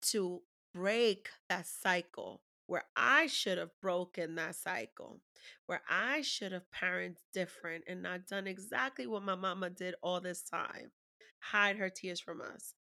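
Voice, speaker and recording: Woman, candid storyteller, bright forward tone, emotional and profane, conversational. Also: lowish voice, a little slow, vocal fry. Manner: raw, emotional, swears freely.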